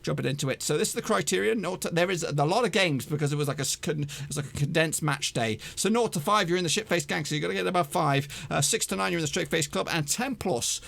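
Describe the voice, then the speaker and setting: A man hosting a football prediction channel, chatting casually in an energetic, jokey, rambling way with lots of fillers. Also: fairly high pitch, gravelly. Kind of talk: casual chat to camera.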